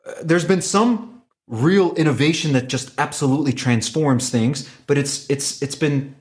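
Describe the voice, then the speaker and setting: A man who is a company executive, pitching his product in an animated, emphatic way with frequent restarts. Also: a little slow. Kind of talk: conversational business pitch.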